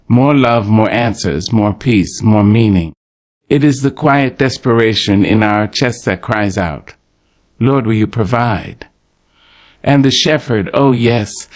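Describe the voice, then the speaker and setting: A man delivering a poetic morning prayer in a slow, rhythmic, preacherly manner, speaking tenderly to the listener. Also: fairly low pitch. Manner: tender, pastoral address to the listener. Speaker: prayer narrator.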